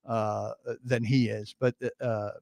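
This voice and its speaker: A man's voice: lowish voice, little pitch movement, slow, creaky, darkish tone, no echo, studio quality. A man in his fifties co-hosting a sports talk radio show, wry and rambling, often correcting himself as he tells stories. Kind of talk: casual sports radio banter. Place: radio studio. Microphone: studio microphone.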